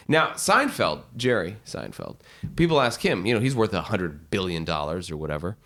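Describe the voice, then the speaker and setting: A man on a podcast, telling anecdotes in animated, profane style and acting out the people in them. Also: fairly low pitch, normal speed. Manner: animated, profane, does voices when telling stories. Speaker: podcast guest. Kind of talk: casual storytelling.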